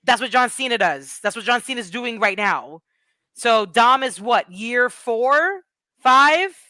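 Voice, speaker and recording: A woman's voice: a little high, animated, a little slow, pushed and bright, no echo. A woman guest on a wrestling podcast, chatting casually and gushing in a rambling way about her favorite moments. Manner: gushing, rambling fan talk. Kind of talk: casual chat.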